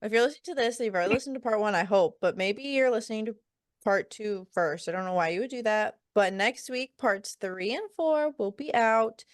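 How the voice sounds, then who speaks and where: A woman's voice: mid-range voice, animated, a little fast, no room sound, studio quality. A woman co-hosting a podcast, chatting lightly and upbeat as she wraps up the episode. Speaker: podcast co-host. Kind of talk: casual podcast chat.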